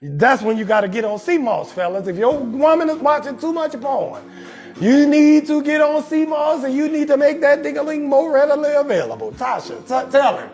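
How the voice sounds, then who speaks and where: A young adult male comedian hosting a live talk show, riffing loudly with crude advice and calling out viewers in his chat. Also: extremely high pitch, animated, moderate pace. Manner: loud, brash, riffing, shouting out viewers in chat. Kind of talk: profane comedic advice monologue on a livestream.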